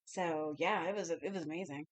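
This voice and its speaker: A woman's voice: low voice, brisk. A woman co-hosting a podcast, chatting casually about a movie, swearing freely and finishing her co-host's sentences. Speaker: podcast co-host.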